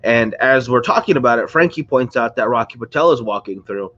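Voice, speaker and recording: A man's voice: medium pitch, animated, a little fast, a bit bright, highs cut off. A man hosting a casual livestream, rambling and chatty while sounding congested and under the weather. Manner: rambling, chatty, greets viewers. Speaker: livestream host. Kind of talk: casual live-stream chat. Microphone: close to a screen or phone.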